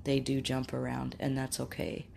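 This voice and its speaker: A woman hosting a talk show, speaking earnestly and gently about grief and quoting inner thoughts. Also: a bass voice, monotone, moderate pace, creaky, slight background noise.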